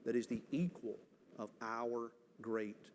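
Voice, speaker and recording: A man preaching a sermon as pastor, earnest and emphatic, with dramatic pauses. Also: medium pitch, steady tone, a little hiss or hum. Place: church sanctuary. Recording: church hall reverb, faint ambience.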